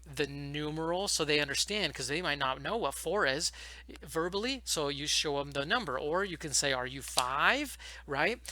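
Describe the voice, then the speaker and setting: A man teaching how to run an online English lesson, talking fast and emphatically and acting out classroom phrases. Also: on the high side, sharp tone, no room sound, low-quality recording. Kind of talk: instructional talk to camera.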